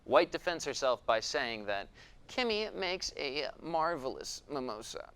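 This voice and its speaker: A man playing a deadpan news anchor who reads out absurd stories from the future. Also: medium pitch, unhurried, smooth. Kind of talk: mock newscast.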